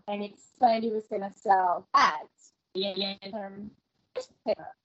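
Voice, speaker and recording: A middle-aged woman telling a family story in a casual, animated way, acting out the quoted voices as she goes. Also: on the high side, moderate pace. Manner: animated, acts out the quoted voices, laughs between lines. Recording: dull lo-fi recording.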